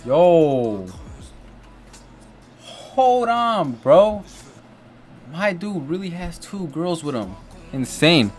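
His voice is a little high and sing-song, extremely slow, with frequent pauses. A young American reaction-video host, he comments casually with exclamations and slang like "bro" and "you know what I'm saying," while faint music plays from the video he's watching.

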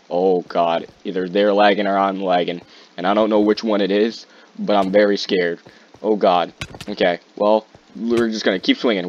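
Excitable man commentating gameplay, lo-fi mic. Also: fairly low pitch. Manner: excitable, repeats phrases in bursts. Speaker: gaming YouTuber. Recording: muffled lo-fi mic with faint hiss.

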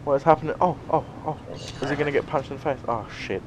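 A man giving sweary, excitable let's play commentary, breaking into loud yelps between muttered remarks. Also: on the high side, quick pace, very noisy. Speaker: gaming YouTuber.

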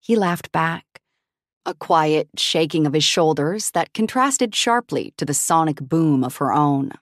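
A woman narrating an audiobook in a wry, expressive, lightly comic style. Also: sits low, unhurried, no echo, clean studio sound. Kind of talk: scripted narration.

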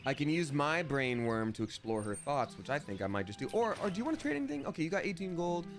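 A man's voice: a little high, big pitch swings, fast. Playful man giving game commentary. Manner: playful, silly asides and put-on voices. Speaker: streamer. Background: game music.

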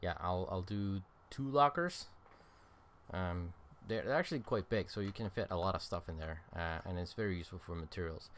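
A man's voice: low-pitched, moderate pace. A man giving casual let's-play commentary, thinking aloud with lots of ums and uhs, sounding tired. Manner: rambling, thinking aloud with many fillers. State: tired, yawning. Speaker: game streamer.

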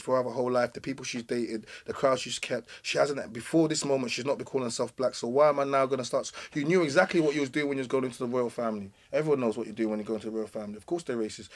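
A man, arguing hard and cutting in during a podcast debate. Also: medium pitch. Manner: argumentative, interrupting, repeats himself. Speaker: podcast co-host. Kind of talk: heated debate.

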